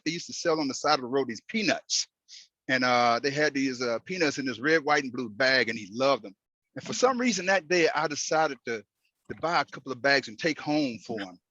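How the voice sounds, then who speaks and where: A man telling a personal story while driving, in an earnest, halting way with many restarts. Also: mid-range voice, pushed and bright, no room sound, muffled recording. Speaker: host. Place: in a moving car.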